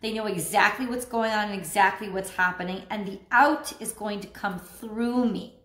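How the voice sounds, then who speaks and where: A woman giving a casual spoken tarot reading, animated and laughing often as she tells a story. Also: mid-range voice, moderate pace, echoey room. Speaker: tarot reader.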